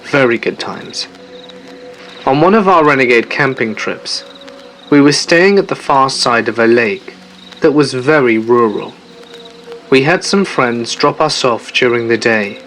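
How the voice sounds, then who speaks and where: A man telling a first-person horror story in a steady, measured narration. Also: mid-range voice, low-quality recording. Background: faint music.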